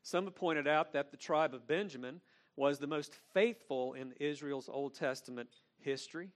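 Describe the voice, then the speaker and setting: A man's voice: fairly high pitch, normal speed. A man preaching an expository sermon as pastor, earnest and emphatic, often restating his phrases.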